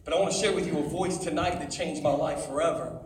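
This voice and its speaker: High-voiced man preaching in an echoey hall. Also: fast talker. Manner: animated, calls for audience responses. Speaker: youth speaker. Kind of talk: sermon. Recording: echoey hall from far off with faint noise.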